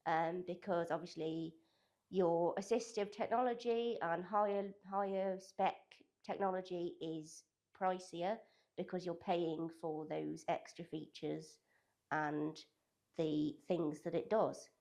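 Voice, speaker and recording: A young woman with a fairly low voice answers interview questions about her college work. She talks loosely and hedges often, filling her sentences with "kind of" and "sort of". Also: fairly even intonation, slow, gravelly, darkish tone. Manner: loose, hedging talk full of "kind of" and "sort of". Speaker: digital communications apprentice at a college.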